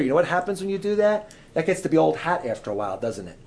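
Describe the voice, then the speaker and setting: Preaching as a guest, a middle-aged man puts questions to the congregation and swings from quiet asides to booming emphasis. He talks quickly in a fairly high voice with big swings in pitch.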